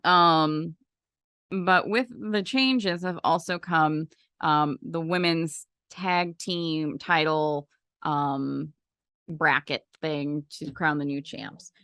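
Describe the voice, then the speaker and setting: A woman's voice: low voice, fairly even intonation, slow pace, fairly bright tone, smooth, no room sound, clean studio sound. A woman co-hosting a podcast, talking casually and rambling with lots of fillers. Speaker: podcast co-host. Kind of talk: casual wrestling chat.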